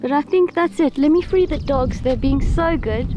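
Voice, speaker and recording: Woman vlogger, high voice, outdoors with handheld camera, music under. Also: normal speed, few pauses. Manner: chatty, swears freely, gives firm commands to her dogs. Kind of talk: casual outdoor vlog narration. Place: outdoors in the bush.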